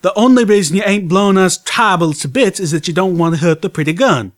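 A man's voice: high-pitched, fairly quick, voice pushed up, lightly acted. A man putting on a muffled, defiant pegasus gunman. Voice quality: muffled, mumbling, through clenched teeth. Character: gruff, defiant male pegasus frontier gunman.

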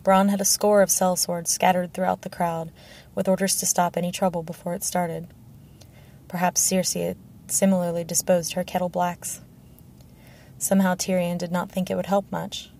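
A woman reads a fantasy novel aloud in a steady, even storytelling manner. Her voice is low-set and mellow, and her pitch stays flat and controlled from line to line. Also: normal speed, vocal fry, slight background noise. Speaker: audiobook narrator. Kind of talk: scripted narration.

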